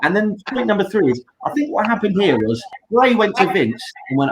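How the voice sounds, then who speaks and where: A man's voice: high-pitched, sing-song, a little fast, a crowd in the background, low-quality recording. A man co-hosting a wrestling podcast, telling jokey stories and acting out silly voices. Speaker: podcast co-host. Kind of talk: casual chat.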